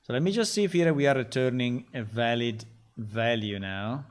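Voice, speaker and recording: A game developer chats casually on a livestream while coding, halting, repeating himself, and using many fillers. His voice is mid-range.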